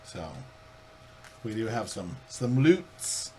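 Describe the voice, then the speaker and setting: A man's voice: lowish voice, very animated, takes it slowly, a little mellow, slight background noise. A man co-hosting a board game playthrough, reading the rules aloud in a casual, joking way. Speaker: co-host and rules reader.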